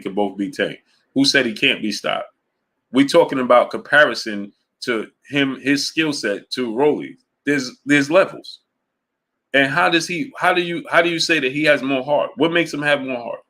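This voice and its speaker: A man running a live boxing talk stream with a bright, forceful voice. He keeps greeting viewers by name between points and pushes his pitch up when he argues a case. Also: normal speed. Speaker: boxing talk show host. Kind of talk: live-stream chat reading super chats.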